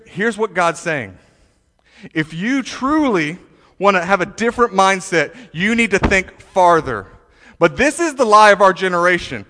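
A man delivers a sermon with animated, emphatic preaching, often repeating and restarting his words. His voice sits high and sounds bright and forceful. The sound carries a long reverb, like a large hall. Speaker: pastor.

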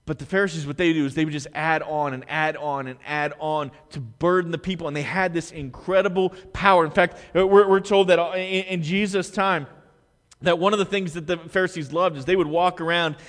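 Preaching pastor in a reverberant church hall. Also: male voice, a little high, fairly even intonation, a little fast. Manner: dynamic preaching, swinging from loud emphatic to hushed. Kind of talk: sermon. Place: church sanctuary.

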